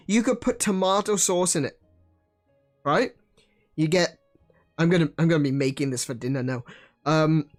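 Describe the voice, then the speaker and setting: A man chatting casually while streaming a video game, joking and talking to his viewers. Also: on the high side. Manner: chatty, laughs at himself, many restarts. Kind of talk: casual let's-play commentary.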